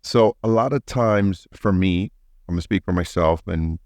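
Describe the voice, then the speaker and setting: A man's voice: low-pitched, normal speed, darkish tone, dry recording. A man hosting a podcast, speaking emphatically and repeating his points as he reacts to his guest. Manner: emphatic, repeats himself, laughs along. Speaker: podcast host. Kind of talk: casual podcast conversation.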